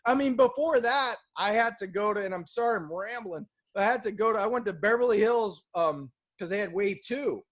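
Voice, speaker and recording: A man from Boston, co-hosting a casual chat and telling a story in an animated way, acting out the people in it and swearing casually. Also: high-pitched, fairly quick, few pauses. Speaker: co-host.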